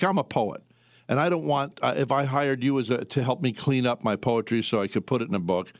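A man's voice: medium pitch, no room sound, clean studio sound. A man hosting an interview who asks long, meandering questions full of fillers and restarts. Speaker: interview host. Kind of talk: conversational interview.

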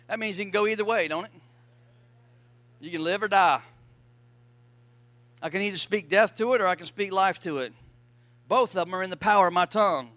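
A high-pitched man preaches with a forceful, bright voice, calling his congregation to answer back. His voice is close and dry, with no room echo. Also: moderate pace, pauses often. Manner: emphatic preaching with call-and-response to the congregation. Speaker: pastor. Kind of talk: sermon.

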